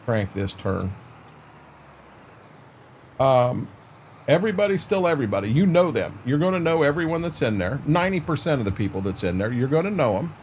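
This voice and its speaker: A man's voice: medium pitch, big pitch swings, brisk, pauses often, a little hiss or hum. A man chatting casually on a livestream while playing a farming game, rambling in a folksy way to his viewers and his dog.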